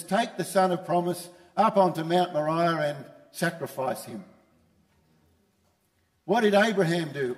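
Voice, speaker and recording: A man's voice: sits high, long reverb tail. A man preaching a sermon as pastor, emphatic and repeating his key phrases. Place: church.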